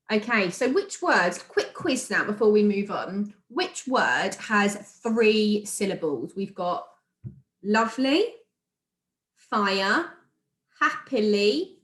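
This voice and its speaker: This primary teacher speaks British English in a mid-range, fairly bright voice. She's recording a remote lesson for young children in a room with plenty of echo, sounding out words and offering encouragement.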